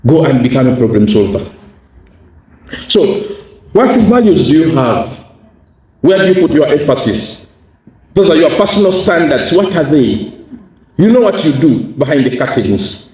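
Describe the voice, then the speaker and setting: A man's voice: fairly high pitch, sing-song, measured pace, long pauses, a little mellow, far from the mic. Male educationalist, fervent motivational speaker, off-mic in a reverberant hall. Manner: emphatic, asks the audience questions and repeats key phrases. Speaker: guest speaker. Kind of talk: motivational talk to students.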